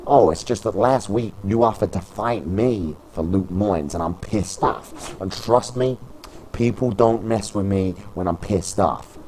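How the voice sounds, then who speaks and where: A man voicing an angry male wrestler who makes threats in clipped, low phrases. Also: a little slow, darkish tone, slight background noise, close to an everyday voice. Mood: menacing.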